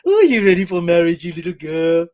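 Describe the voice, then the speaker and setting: A man's voice: high-pitched, big pitch swings, a little fast, a little mellow. A man voicing a leering grown man who coos mocking baby talk at a toddler girl.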